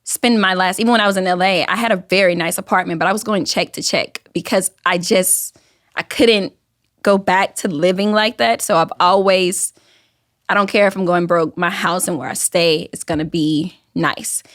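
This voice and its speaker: A woman in her thirties from Alabama with a softened Southern accent, a guest telling her story in a casual interview, acting out the voices of people she quotes. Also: on the low side, moderate pace, dry recording, clean studio sound. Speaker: guest, YouTube creator.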